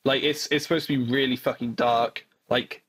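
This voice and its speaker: A man co-hosting a podcast in casual chat, excitable, restarting his sentences and swearing often. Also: mid-range voice, moderate pace, husky. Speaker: podcast co-host.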